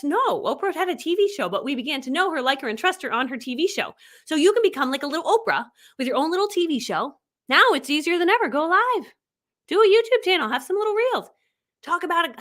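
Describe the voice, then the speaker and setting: A woman's voice: high voice, fairly bright tone. A woman in her forties giving a chatty, enthusiastic coaching talk on a livestream. She laughs often and acts out quotes. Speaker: online business coach. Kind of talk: live-streamed coaching talk.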